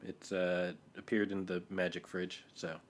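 A man co-hosting a podcast, talking casually with many pauses and fillers. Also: sits low, little pitch movement, a little hiss or hum. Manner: hesitant, many fillers, laid-back. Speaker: podcast co-host. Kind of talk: casual chat.

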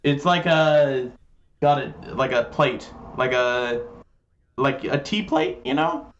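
A man's voice: mid-range voice, very animated, slow pace, vocal fry, a little hiss or hum. Rambling joking man, lo-fi mic. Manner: rambling, joking, lots of fillers. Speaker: podcast host, guest. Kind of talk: casual podcast chat.

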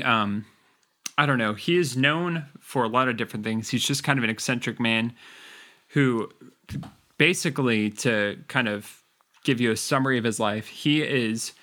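A podcast co-host presents a history story in a loose, rambling manner with lots of filler words. His voice sits at medium pitch with a fairly bright tone.

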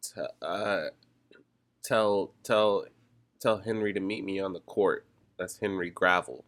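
A man's voice: sits low, steady tone, slow pace, fairly bright tone. A man co-hosting a casual podcast, running a party word game in a playful, slightly hesitant way. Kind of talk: casual chat.

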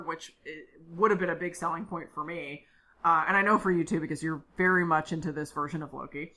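Bright-voiced chatty podcast host woman. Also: lowish voice, expressive, brisk. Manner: chatty, filler-heavy storytelling. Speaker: podcast co-host recapping an episode. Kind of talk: casual chat.

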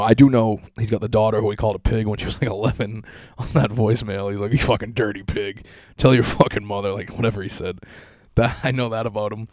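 A man's voice: fairly low pitch, mellow, no echo, clean studio sound. A young man from Massachusetts, ranting on a podcast in a crude, sarcastic, swear-heavy monologue.

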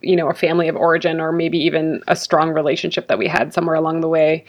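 A woman with a low, gravelly voice talks earnestly and reflectively. She speaks as an interview guest, pausing often with fillers as she thinks aloud. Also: little pitch movement, muffled recording. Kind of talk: conversational interview.

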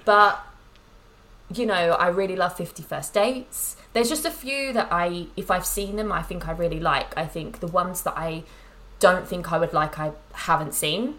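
A woman's voice: on the low side, normal speed, fairly bright tone. A woman co-hosting a casual film podcast, chatty and rambling, with lots of ums and little laughs. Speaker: podcast co-host.

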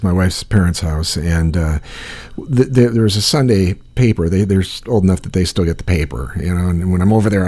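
A man's voice: sits low, dark tone. A man from Iowa co-hosting a casual chat, rambling and profane, telling stories with frequent restarts.

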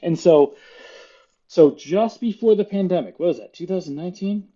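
A middle-aged man from Florida, a podcast guest telling stories in casual chat, lively and laughing often as he acts out quoted voices. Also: high-pitched, normal speed, lo-fi sound.

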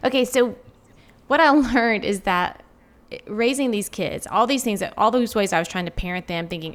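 A woman's voice: medium pitch, normal speed. A woman in her forties, a guest author, talking reflectively in a casual interview with many filler words.

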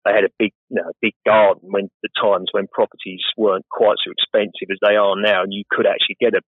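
A man's voice: fairly low pitch, little pitch movement, fast, husky, no room sound. A man, a professional gardener, chatting casually and rambling a little as an interview guest. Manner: chatty, rambling, self-deprecating. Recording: tinny phone-like line, dry.

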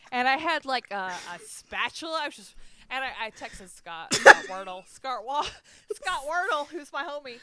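A woman's voice: high voice, animated, normal speed, very noisy. A young woman hosting a podcast, talking candidly and rambling, laughing often. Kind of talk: casual chat.

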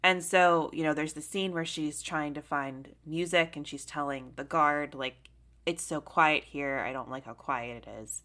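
A young woman co-hosting a casual talk about a film, her voice sitting low yet sounding bright and forceful. She rambles in an animated way, filling gaps with "like" and the odd curse. The tone is loose and conversational. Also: unhurried. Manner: animated, heavy on "like" fillers, swears freely. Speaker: podcast co-host.

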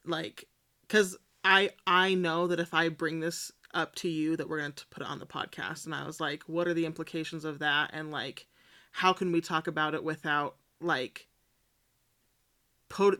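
A man co-hosting a podcast, speaking in a thoughtful, measured and reflective way. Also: on the high side, pushed and bright. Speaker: podcast co-host. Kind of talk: casual chat.

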